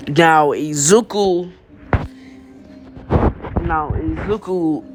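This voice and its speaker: A man's voice: on the high side, slight background noise. A young man casually retelling a fan story, rambling with restarts and slang.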